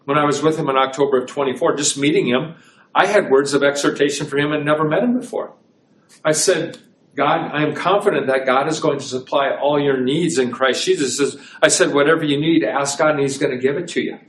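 A man's voice: on the high side, brisk, distant mic. Man preaching in an echoey room. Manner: conversational preaching with rhetorical questions. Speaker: pastor. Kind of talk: sermon. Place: small church.

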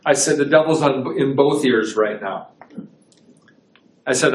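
A man's voice: medium pitch, unhurried, pauses often. A man pastor giving a conversational sermon to a small congregation, asking his listeners rhetorical questions. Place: small church. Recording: echoey room, voice from a distance.

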